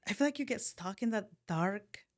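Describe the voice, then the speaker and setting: A woman's voice: medium pitch, animated, moderate pace. A woman co-hosting a podcast, speaking in an open, thoughtful way and sometimes searching for her words. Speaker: podcast co-host. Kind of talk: casual conversation.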